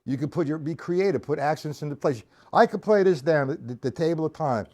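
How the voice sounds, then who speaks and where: Guy teaching drums live, counts the beats out loud, easygoing. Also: fairly high pitch, a little fast. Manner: casual, explanatory, counting beats aloud. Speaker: drum teacher. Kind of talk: live-streamed drum lesson.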